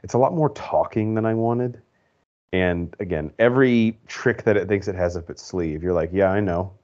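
A man's voice: fairly low pitch, lively intonation, normal speed, darkish tone. A man co-hosting a podcast, giving rambling, opinionated movie reviews in casual chat full of fillers. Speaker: podcast co-host. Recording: dull lo-fi podcast audio.

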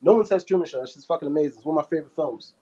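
A man, a comedian, chatting on a podcast in a loud, profane, animated way. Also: on the high side, rapid-fire, highs cut off. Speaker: comedian guest. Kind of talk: casual podcast chat.

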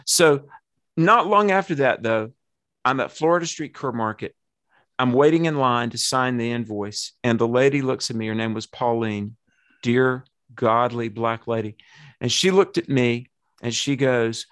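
A pastor in his fifties gives an earnest, animated personal testimony in conversation. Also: mid-range voice, normal speed, no room sound.

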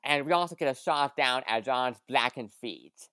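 A woman casually recapping a movie plot for a podcast, with lively quoted asides. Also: rumbling low, a little slow, dry recording. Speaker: podcast guest.

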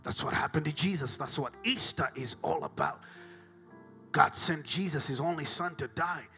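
A middle-aged man with a Southern African accent preaches a sermon. His voice is bright and forceful, and he moves between near-whispers and shouted peaks. Soft music plays faintly behind him. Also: a little high, expressive, moderate pace. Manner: swings from hushed whispers to shouted climaxes. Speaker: pastor.

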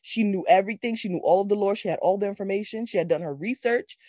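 A woman co-hosting a casual movie review chat, animated and slangy, laughing often. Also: mid-range voice, quick pace, no room sound, clean studio sound. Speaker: podcast co-host.

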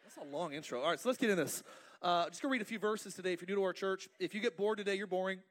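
High-pitched male preacher, playful and talkative, works the congregation from the pulpit. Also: racing, a bit bright. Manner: playful, asks the congregation to respond. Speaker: pastor. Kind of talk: lively sermon with jokes. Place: church.

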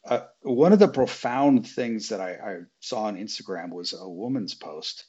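Low, husky man on a dull line. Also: animated, mellow. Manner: mostly brief agreeing replies, measured. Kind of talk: casual podcast chat.

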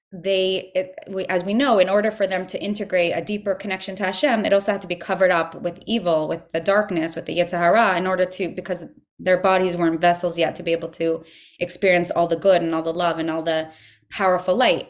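A young adult woman hosting a podcast, giving an earnest spiritual teaching talk and acting out pleading voices. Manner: earnest, acts out pleading voices in higher pitch. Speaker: podcast host.

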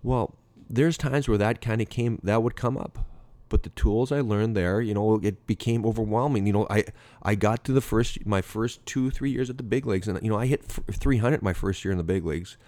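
A middle-aged former professional baseball player tells a rambling anecdote in a fairly low, mellow voice, speaking a little fast. He acts out dialogue and cuts himself off mid-sentence, and there's no echo.

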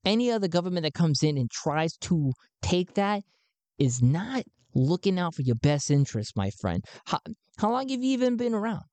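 Guy playing a pushy rebel recruiter, swoops up high, calls everyone bud. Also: big pitch swings, normal speed, a little mellow, dry recording. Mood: emphatic. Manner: folksy, conspiratorial, calls people bud. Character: zealous male anti-government recruiter.

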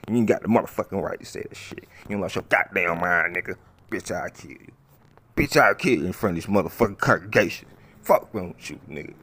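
A man's voice: deep voice, brisk, fairly bright tone. A man voicing a hot-tempered tough guy who curses and threatens. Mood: angry. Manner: gruff, cursing, threatening. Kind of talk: comedy skit voices.

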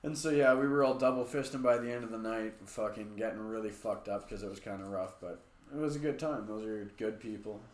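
A man's voice: on the low side, a little fast, roomy sound. A man co-hosting a podcast, telling long stories in casual, profane chat. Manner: profane, rambling storytelling. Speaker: podcast co-host.

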